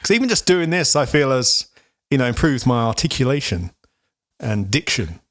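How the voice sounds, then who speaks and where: Man, British accent, podcast co-host, jokey banter, lively pitch, dry recording. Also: normal speed, dry recording. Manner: jokey, repeats himself.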